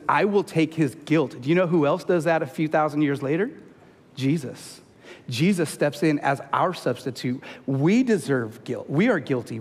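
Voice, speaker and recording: A man preaching a sermon as pastor, talking in a conversational way and often checking in with his listeners. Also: darkish tone. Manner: conversational preaching, often asks the crowd "right?"; rises to an emphatic, high-pitched peak when urging the men. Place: church sanctuary. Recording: long hall reverb in a church.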